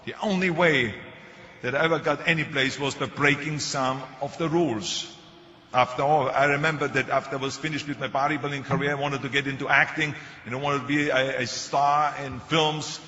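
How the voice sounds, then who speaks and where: A man's voice: medium pitch, fairly even intonation, moderate pace, bright, forceful tone. Older man, German accent, echoey hall. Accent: German-accented English. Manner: joking anecdotal storytelling. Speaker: motivational speaker. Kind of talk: public speech. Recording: echoey hall, dull sound.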